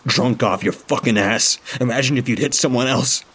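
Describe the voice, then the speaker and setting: A man voicing a desperate, angry male prisoner who shouts in fury. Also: medium pitch, normal speed, slightly rough, pitched above the performer's own voice. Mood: furious. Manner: shouting, furious.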